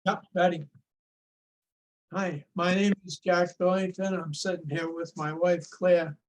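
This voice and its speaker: An older man, his voice sitting high for a man, tells a folksy story full of restarts. He is heard over a video call. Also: flat delivery, unhurried, a little hiss or hum. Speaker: show-and-tell presenter.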